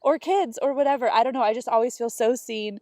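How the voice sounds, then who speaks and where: A woman's voice: fairly high pitch, quick pace, dark tone, no echo, clean studio sound. A woman co-hosting a podcast, telling stories in casual chat and acting out quotes as she goes. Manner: storytelling with acted quotes and laughter. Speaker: podcast co-host.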